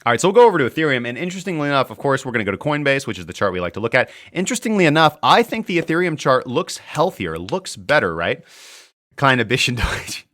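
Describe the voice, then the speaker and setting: A man's voice: mid-range voice, big pitch swings, very fast, few pauses, a bit bright. A young man hosting a casual live market-analysis stream, chatty and joking as he reads viewer comments aloud. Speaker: crypto trading livestream host.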